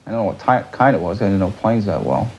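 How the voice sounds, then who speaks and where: Man, low-ish voice, dark tone, rambling interview recollection, lots of you know. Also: quick pace, husky, rough recording. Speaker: interviewee recounting a dream.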